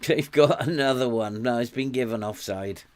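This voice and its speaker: A man's voice: medium pitch, moderate pace, a little mellow, clean tone. Chatty older Welsh man streaming a game. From Wales. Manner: chatty, coaxes and scolds his virtual players, chuckles often. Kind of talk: casual gameplay commentary.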